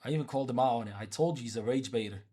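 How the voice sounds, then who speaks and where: A man's voice: mid-range voice, rapid-fire, mellow. A man from Africa chatting casually on a livestream, teasing people and repeating himself as he talks back to his chat.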